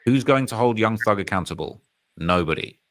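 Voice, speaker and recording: A British man with a fairly low voice talks fairly quickly as he hosts a live stream, casually commenting on rap news. He is animated and emphatic, repeats phrases, and reads chat comments aloud.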